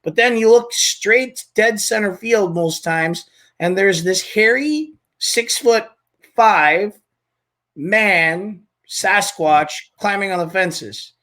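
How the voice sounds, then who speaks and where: A man's voice: sits high, slow. Man hosting a casual sports interview. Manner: relaxed, many fillers. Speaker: host, interviewer.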